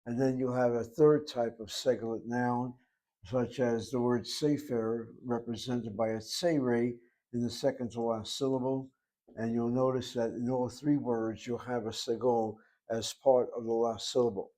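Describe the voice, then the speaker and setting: A man's voice: mid-range voice, fairly even intonation, unhurried, warm tone. A man giving a classroom lecture on Hebrew grammar, methodically spelling out vowels and letters at the board. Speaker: Hebrew teacher.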